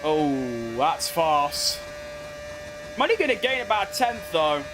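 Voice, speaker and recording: High-voiced British man streaming a game. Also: big pitch swings, slow, noisy background. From Britain. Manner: chatty, self-mocking, slangy, talks to himself while playing. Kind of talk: casual gameplay commentary.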